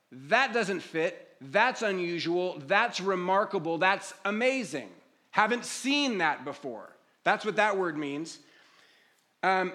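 High-voiced male pastor, conversational sermon. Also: a bit bright. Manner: conversational, explanatory, with asides and restarts.

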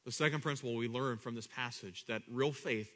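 A man preaching a sermon, swinging between loud high bursts and quiet low asides, often repeating himself and acting out the voices of people in his story. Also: fairly quick.

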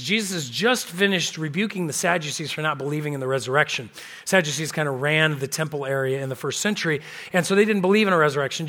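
In a church, a male pastor preaches a sermon in a voice that sits on the high side and sounds sharp. He tells a story conversationally, acting out the people he quotes.

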